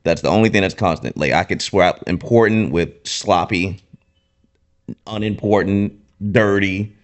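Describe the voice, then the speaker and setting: A man hosting a podcast in a relaxed, casual way, often affirming his guest with "mm-hmm" and "super dope". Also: low voice, measured pace. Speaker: podcast host.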